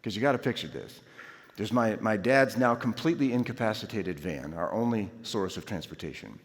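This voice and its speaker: A man telling a lively personal story as a chapel speaker, acting out his own shouts along the way. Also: lowish voice, fairly quick. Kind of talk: storytelling sermon. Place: large university chapel. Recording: long hall reverb.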